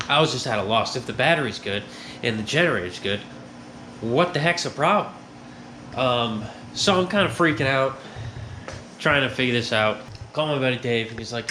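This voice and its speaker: A man's voice: mid-range voice, normal speed, bright, forceful tone, a little hiss or hum. A man hosting a garage vlog, with a stuffed-up nose, telling a story in a chatty way and acting out his own reactions. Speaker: garage host. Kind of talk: casual workshop vlog.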